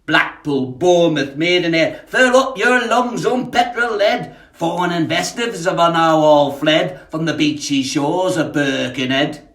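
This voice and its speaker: A man's voice: a little high, a little slow, fairly bright tone. A man doing a rhyming Scouse grumbler. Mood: mocking. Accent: put-on Scouse. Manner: rhythmic, sing-song rhyming recital. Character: grumbling Merseyside man on a rainy holiday. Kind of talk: reciting a comic rhyming poem. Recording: echoey room, voice off-mic.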